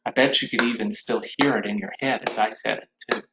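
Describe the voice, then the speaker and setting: A man teaching an online music class for young children, cheerful and encouraging, now and then dropping into high and low puppet voices. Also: steady tone, a little fast, very noisy. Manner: cheerful, encouraging, speaks to small kids.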